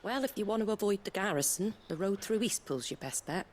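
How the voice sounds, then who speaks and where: Game role: actress as a wary, husky innkeeper woman, plain-spoken and guarded. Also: mid-range voice, animated, fairly quick, a little mellow, close to an everyday voice. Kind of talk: game dialogue.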